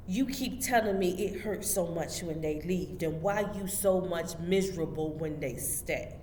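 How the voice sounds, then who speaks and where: A woman's voice: lowish voice, a little slow, hardly any pauses, darkish tone. A woman delivers a motivational spiritual talk, pressing each point with the emphatic push of a preacher and speaking straight to her listeners. Her voice rings through a roomy hall with a long reverb tail. A faint background hum sits underneath. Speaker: host.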